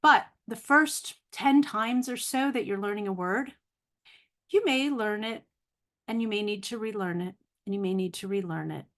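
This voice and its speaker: A woman's voice: medium pitch, moderate pace. Woman teaching vocabulary, thinking aloud. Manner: thinking aloud, self-correcting, laughs at own slips; careful, spelled-out pronunciation of long words. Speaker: language teacher. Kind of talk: casual video lesson.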